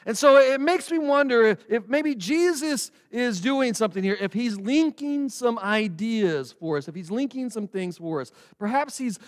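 A male pastor gives a relaxed, chatty sermon and slows down to stress words in prayer. His voice sits a little high and sounds smooth and resonant. A long reverb trails behind it in the church hall. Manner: conversational, with slow emphatic prayer recitation. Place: church sanctuary.

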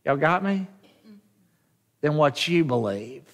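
A pastor preaches a slow, measured sermon in a slightly high voice. He keeps turning to the congregation with questions and call-and-response. His voice rings with the long echo of a church hall. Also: animated. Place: church sanctuary.

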